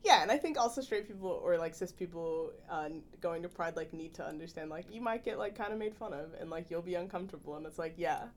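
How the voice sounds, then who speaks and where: A young woman chatting casually, animated and full of laughs, with filler-heavy speech. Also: on the low side, fast, few pauses. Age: young adult. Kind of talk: casual podcast chat.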